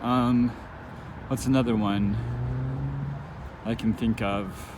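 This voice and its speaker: A man giving an informal spoken lesson, thinking aloud as he goes, with halting restarts and frequent fillers. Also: on the low side, fairly even intonation, background noise. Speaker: language teacher.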